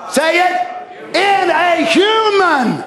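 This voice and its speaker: A man preaching a fervent evening sermon in church, shouting passages and then dropping to quiet asides. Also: very high voice, lively intonation, extremely slow, some chatter behind. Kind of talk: impassioned sermon. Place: church sanctuary. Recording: echoey church hall.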